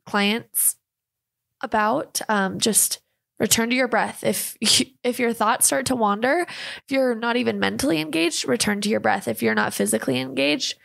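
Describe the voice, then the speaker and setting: A woman's voice: a little high, animated, normal speed, creaky, a bit bright. A woman co-hosting a podcast, a fitness trainer who earnestly talks listeners through breathing techniques in casual chat.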